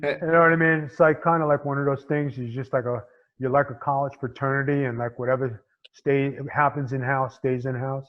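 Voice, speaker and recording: A man's voice: medium pitch, fairly even intonation, fairly quick, highs cut off. A middle-aged man from Staten Island with a New York accent, a former pro wrestler talking bluntly and casually in an interview. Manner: blunt, streetwise, lots of "you know".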